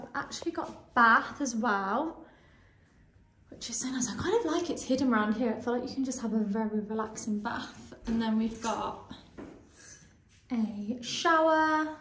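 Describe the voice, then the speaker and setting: A young woman in her twenties chatting excitedly in a casual travel vlog, a little out of breath, showing off her hotel room. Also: on the high side, unhurried, slight background noise. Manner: chatty, bubbly, easily excited. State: slightly out of breath. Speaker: vlogger. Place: hotel room in hot weather.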